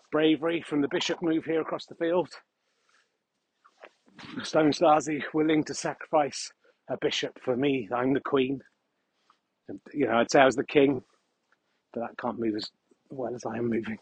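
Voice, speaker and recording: A man rambling through a deadpan, mock-grandiose comic monologue while walking his dog across open fields, recorded on a mic he carries. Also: mid-range voice, slightly rough, no room sound.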